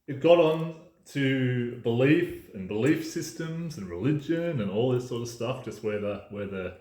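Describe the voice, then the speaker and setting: A man's voice: medium pitch, lively intonation, unhurried, dark tone. A man delivering an emphatic, ranting casual monologue as a podcast host, swearing freely. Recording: roomy echo.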